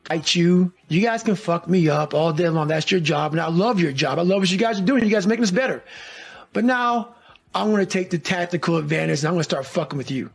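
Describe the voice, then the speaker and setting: Raspy, high-voiced man telling a story. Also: lively intonation, quick pace. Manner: intense, profane, blunt. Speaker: podcast guest telling a story. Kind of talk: casual storytelling in a podcast interview.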